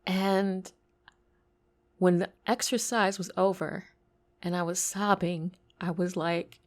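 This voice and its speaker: A woman with a lisp telling a personal story, intimate and tearful, slipping into whispers and bursting louder. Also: on the low side, steady tone, a little slow.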